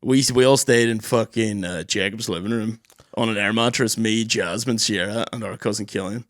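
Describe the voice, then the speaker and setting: A young man, co-hosting a podcast in a studio and telling stories in lively casual chat, swearing freely. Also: fairly low pitch, normal speed, no echo. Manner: animated storyteller, swears freely, does loud voices. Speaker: podcast co-host.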